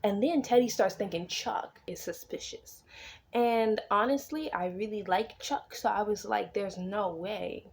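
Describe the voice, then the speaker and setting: Woman, casual book vlog, chatty, animated retelling, swears freely, mid-pitched voice. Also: measured pace, creaky. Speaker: vlogger recapping a book.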